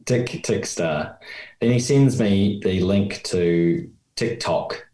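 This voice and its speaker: Low mellow man in an echoey room. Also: slow pace. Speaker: podcast co-host. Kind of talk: casual chat.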